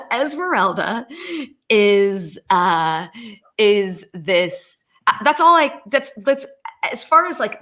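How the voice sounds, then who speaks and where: A woman's voice: mid-range voice, bright, forceful tone. A woman, an experience designer, talking animatedly on a video call, with frequent laughs and many fillers. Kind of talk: casual video call conversation.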